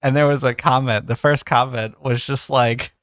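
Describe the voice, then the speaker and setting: Guy cohosting a podcast, rambles n restarts a lot, mid pitch, dead dry mic. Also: fairly even intonation, moderate pace, fairly bright tone, dry recording. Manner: rambling, self-correcting. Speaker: podcast co-host. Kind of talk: casual chat.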